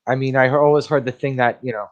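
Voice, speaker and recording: A man co-hosting a relaxed movie podcast, with a middle-pitched voice. He talks bluntly and swears freely, getting animated as he rants about what he watched. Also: fast talker, muffled recording. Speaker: podcast co-host. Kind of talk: casual movie review chat.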